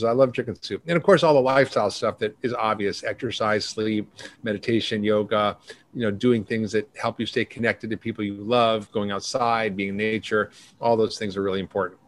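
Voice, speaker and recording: A middle-aged man, a doctor and podcast guest, talking briskly and rattling off long lists. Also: mid-range voice. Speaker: functional medicine doctor, guest. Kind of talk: podcast interview.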